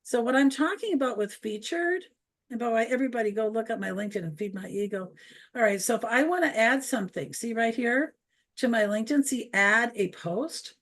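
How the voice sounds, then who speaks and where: A woman's voice: fairly high pitch, animated, fairly quick. Chatty older Midwestern woman hosting. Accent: Upper Midwest American. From Wisconsin. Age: 70s. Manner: chatty, rambling, self-deprecating. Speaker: webinar host. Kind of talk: casual online webinar chat. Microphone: video call.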